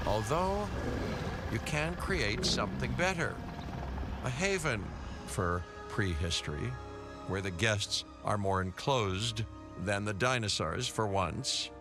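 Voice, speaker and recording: An actor playing a wry, weary male scientist in a video game, halting and drawling with many ums and uhs. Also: fairly low pitch. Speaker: game character. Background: game music.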